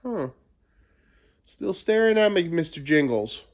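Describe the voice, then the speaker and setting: A man's voice: fairly high pitch, very animated, a little slow. Man rambling on a casual podcast. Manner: rambling, profane, playful. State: getting over a cold, coughing. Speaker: podcast host. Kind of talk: casual solo podcast monologue.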